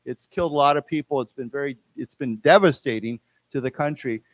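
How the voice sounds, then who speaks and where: A man with an American accent teaching English to a class of Chinese speakers, explaining words slowly and having everyone repeat them. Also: medium pitch, no echo. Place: lecture room in a library.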